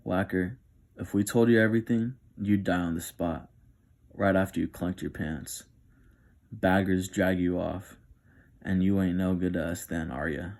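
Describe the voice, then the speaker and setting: A brash young man in charge, rough and slangy in how he talks, voiced by a man reading aloud. The voice sits very low with a gravelly edge. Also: fairly even intonation, unhurried, darkish tone. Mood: gruff. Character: brash gruff young male leader of boys.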